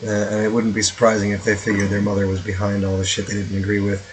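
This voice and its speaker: A man's voice: on the low side, completely flat delivery, fast, a little hiss or hum, low-quality recording. A man streaming a strategy game, chatting casually in a rambling, joking way with profane asides. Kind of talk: casual let's-play commentary.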